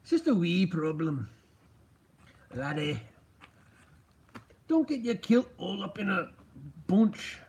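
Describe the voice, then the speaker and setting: A man doing a put-on Scottish accent as a grumpy, gravelly groundskeeper with an angry inflection. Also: high voice, big pitch swings, slow, long pauses, a little mellow, full character voice. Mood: scolding.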